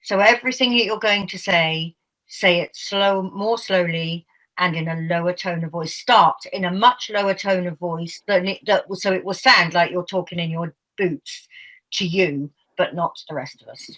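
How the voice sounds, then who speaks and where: A woman's voice: fairly low pitch, normal speed, fairly bright tone, low-quality recording. A woman taking part in a workshop who gives direct, instructive feedback on a video call. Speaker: workshop participant. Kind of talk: giving coaching feedback.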